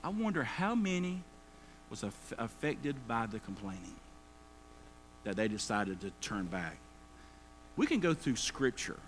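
A man's voice: mid-range voice, sing-song, unhurried, pauses often, a little hiss or hum. A man preaching a sermon, folksy and acting out everyday complainers. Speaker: pastor.

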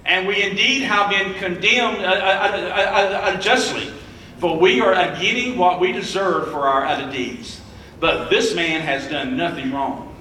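A young male preacher reading scripture aloud in a sermon, halting often with filler sounds. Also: high voice, pushed and bright, a little hiss or hum. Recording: echoey room, mic at a distance.

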